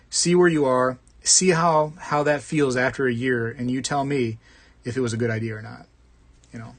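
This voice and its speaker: A man hosts a live stream in a loose, conversational way, reading viewer comments aloud and answering them one by one. He jokes around and calls people "man" often. His voice sits at an ordinary middle pitch. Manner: chatty and joking, says "man" often. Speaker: host of a live coin collecting stream.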